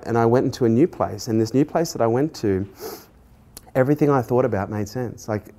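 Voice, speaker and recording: A middle-aged man, a podcast host earnestly telling a personal story in conversation and growing animated as he recounts it. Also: medium pitch. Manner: earnest, animated when retelling dialogue, laughs at himself.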